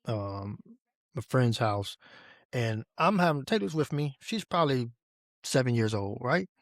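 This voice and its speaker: A man hosting a podcast in casual conversation, relaxed and repeating key phrases for emphasis. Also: mid-range voice, measured pace, no room sound, clean studio sound. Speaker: podcast host.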